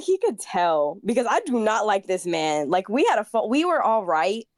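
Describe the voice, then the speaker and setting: A woman caller telling a petty story about her exes to a streamer in an animated, casual way. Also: mid-range voice, moderate pace, few pauses, no room sound, clean studio sound. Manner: animated, petty, acts out quotes. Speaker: caller asking for advice.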